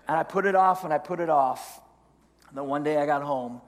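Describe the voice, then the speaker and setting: A man's voice: fairly high pitch, moderate pace, big-room sound. A middle-aged man preaching a sermon as pastor, telling stories animatedly. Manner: storytelling, animated, acts out inner voices. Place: church sanctuary.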